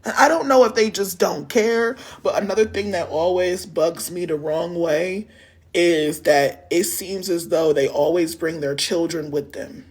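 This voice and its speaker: A man's voice: sits high, a little slow. A man from Harrisburg, Pennsylvania, ranting into his phone on a live stream, heated and profane. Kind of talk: angry live-stream rant.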